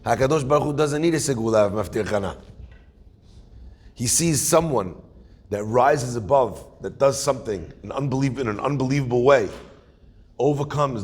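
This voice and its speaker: A rabbi telling a story in a sermon, animated, acting out characters with punchy asides. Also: male voice, mid-range voice, slightly rough.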